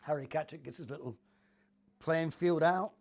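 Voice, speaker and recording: An older man from Cornwall recalls his playing days in a relaxed interview. His voice sits a touch high for a man, and he laughs easily while mimicking the people in his anecdotes. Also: moderate pace. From Cornwall, England. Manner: chatty, laughing, acts out voices in his stories. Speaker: former footballer, interview guest.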